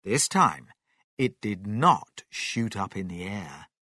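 A man reading a children's story aloud with slow, expressive narration. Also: fairly low pitch, breathy edge, no echo, studio quality.

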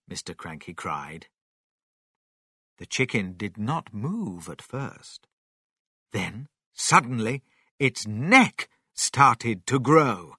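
A man reading a children's story aloud in an expressive storytelling manner. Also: lowish voice, takes it slowly, husky, dry recording, studio quality.

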